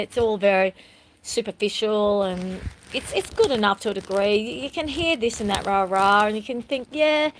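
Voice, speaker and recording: A woman's voice: medium pitch, rough recording. Woman vlogger, candid and rambling, home phone recording with faint noise. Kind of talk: casual personal vlog.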